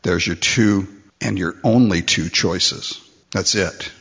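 A man preaching a sermon, animated and acting out the voices in the story. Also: low voice, takes it slowly, creaky, husky. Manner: animated, acts out voices in quotes. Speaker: pastor. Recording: dull lo-fi recording.

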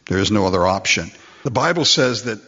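A man preaching a sermon, animated and acting out the voices in the story. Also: on the low side, brisk, husky. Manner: animated, acts out voices in quotes. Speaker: pastor. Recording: dull lo-fi recording.

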